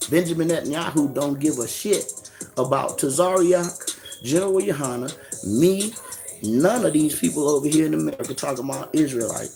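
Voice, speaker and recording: A man's voice: fairly high pitch, moderate pace, creaky, a little mellow, faint music behind. A man giving a profane, mocking preaching rant in street slang, firing off rhetorical questions. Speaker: religious commentator.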